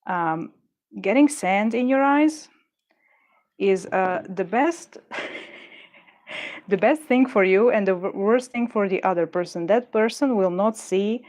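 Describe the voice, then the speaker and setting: Slow and expressive, a woman talks with viewers as she makes jewelry, pausing often and straying into tangents. When the work gets frustrating, she talks herself down. Her medium-pitched voice is slightly mellow.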